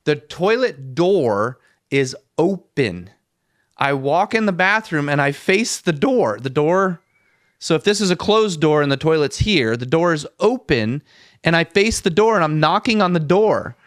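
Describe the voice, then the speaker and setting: A middle-aged man in casual podcast chat, telling a story with lively acted-out lines. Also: a little high, a little slow, dry recording, clean studio sound. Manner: animated storyteller, acts out his own lines. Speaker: podcast guest.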